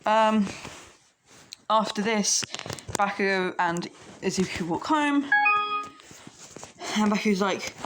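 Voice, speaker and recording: A woman's voice: medium pitch, expressive, slow pace, long pauses, noisy background. A young woman casually improvising a fan story aloud, rambling with many fillers.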